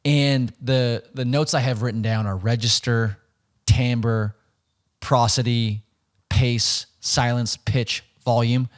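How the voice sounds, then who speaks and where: A man's voice: mid-range voice, fairly even intonation, slow. A male podcast host who asks questions and briefly recaps points for listeners, with small repetitions. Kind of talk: podcast interview.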